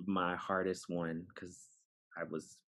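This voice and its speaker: A man from New York City, a podcast guest, telling a personal story in an animated way and acting out the dialogue. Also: deep voice, slow pace. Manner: animated, acts out dialogue, laughs while telling.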